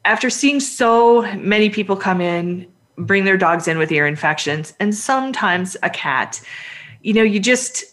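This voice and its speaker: A woman's voice: mid-range voice, lively intonation, a little slow, fairly bright tone. A woman veterinarian in a casual podcast chat, talking at length and with emphasis while giving advice to pet owners.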